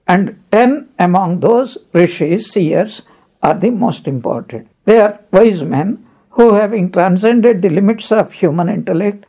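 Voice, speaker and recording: A spiritual teacher giving a scripture discourse, telling stories and explaining Sanskrit terms one by one in an unhurried way. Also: medium pitch, dark tone.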